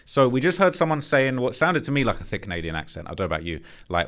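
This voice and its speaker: A man hosting a commentary channel, reacting to footage in an animated, speculative, blunt and slangy way. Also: on the low side, fast talker, few pauses.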